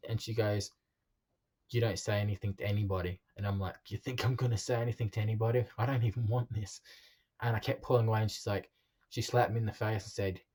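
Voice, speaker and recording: A man telling his own life story in a halting, confessional way, with frequent ums and restarts. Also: on the low side, darkish tone.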